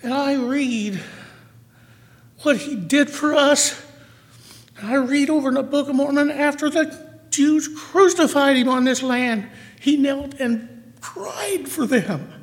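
A man's voice: very high voice, a little slow, long pauses. A man giving an emotional, emphatic sermon to a small congregation in a church hall. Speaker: church speaker. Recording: hall reverb.

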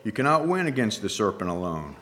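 A solemn old king from a storybook allegory speaks slowly and firmly, his grief held under a low, steady voice, as a male preacher reads him. His words come measured and grave. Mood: tender. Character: grieving, merciful old king, firm and solemn.

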